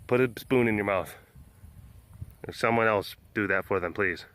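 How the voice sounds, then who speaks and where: A man's voice: on the low side, moderate pace, a bit bright, smooth. A man vlogging outdoors in a casual, rambling way, joking with many fillers and restarts, filming on a phone. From Texas. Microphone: phone held in hand.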